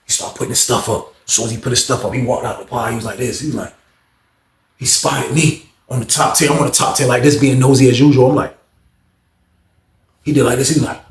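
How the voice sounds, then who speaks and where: A man casually telling a story, animated and repetitive as he acts out each scene. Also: medium pitch, quick pace, roomy sound.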